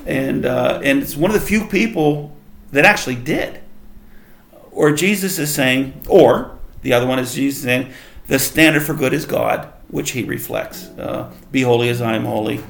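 A man's voice: mid-range voice, moderate pace, creaky, a bit bright, roomy sound. A man leading a casual Bible study, reading verses aloud and explaining them in a conversational way. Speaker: Bible teacher.

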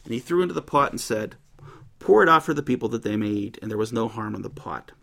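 A man reading scripture aloud and explaining it in a relaxed, conversational way, with frequent pauses and "uh" between passages. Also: medium pitch, gravelly. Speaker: Bible teacher.

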